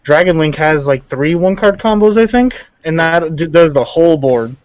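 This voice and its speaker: A man's voice: a little high, animated, moderate pace, no echo, muffled recording. A man speaking as a guest in a casual chat, easygoing and giggly.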